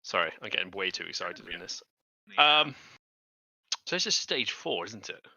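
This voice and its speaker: A man's voice: low voice, big pitch swings, moderate pace, gravelly, sharp tone, no room sound, muffled recording. A man playing a tabletop game, cracking crude, teasing jokes. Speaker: player. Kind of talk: casual banter at a game table.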